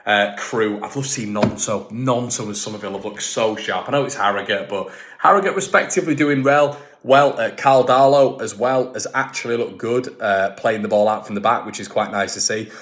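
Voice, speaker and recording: A man hosts a football fan channel in a loose, casual ramble, pressing his points hard and circling back with repeats and restarts. His voice sits on the low side. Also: normal speed, fairly bright tone. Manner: chatty, emphatic, repeats himself, many restarts.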